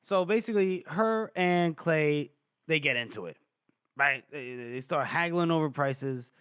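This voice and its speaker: A man co-hosting a podcast who retells a story in a casual, animated way and laughs often. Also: fairly high pitch, unhurried, clear, resonant tone, dry recording, studio quality. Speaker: podcast co-host. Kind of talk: casual book discussion.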